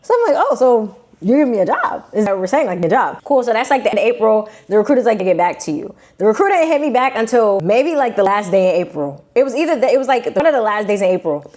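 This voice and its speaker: Young brooklyn woman, new york accent, talks real fast and animated, spilling a story to camera. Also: mid-range voice. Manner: animated, slangy, acts out quotes in shifting voices. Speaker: vlogger.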